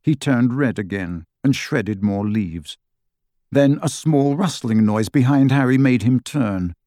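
Man, audiobook narration, lively, varied pitch, mid voice, dry close sound. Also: no echo. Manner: expressive, measured storytelling. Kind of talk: scripted narration.

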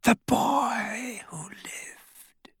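A man voicing a cold, menacing dark wizard with a high, clear voice, speaking slowly and softly. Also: very animated, no echo, studio quality, heavily acted. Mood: whispering. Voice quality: high, clear, soft and whispery. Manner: slow, hushed, drawn-out delivery.

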